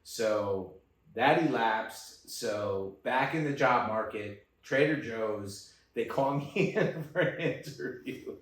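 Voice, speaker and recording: A man's voice: medium pitch, takes it slowly, recorded from a distance, slight background noise. A man in his fifties telling a story in a casual chat, ranting and swearing a lot and repeating himself. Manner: ranting, profane, repetitive. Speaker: guest. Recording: echoey room, off-mic.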